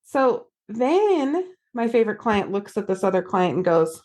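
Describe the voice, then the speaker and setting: An American woman therapist talks casually on a podcast. She tells stories in an animated way and acts out what people said. Her voice sits at an ordinary middle pitch. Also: unhurried, hardly any pauses. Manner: animated storyteller, acts out quotes. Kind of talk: casual storytelling chat.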